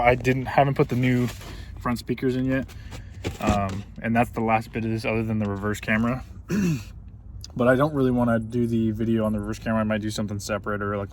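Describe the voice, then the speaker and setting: A man hosting a casual DIY car vlog, talking loosely with many ums and restarts while working on a car in a garage. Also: lowish voice. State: out of breath from working. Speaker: car channel host. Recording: distant mic with faint background noise.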